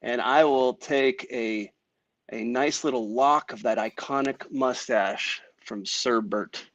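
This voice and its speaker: A man's voice: medium pitch, takes it slowly, fairly bright tone, dry recording. A man who is a guest on a sports talk show, bantering with jokes and passion about football.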